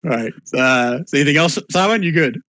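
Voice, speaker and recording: A man narrating as game master for an online tabletop game, in a relaxed, low-key way with fillers. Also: a little fast, dry recording.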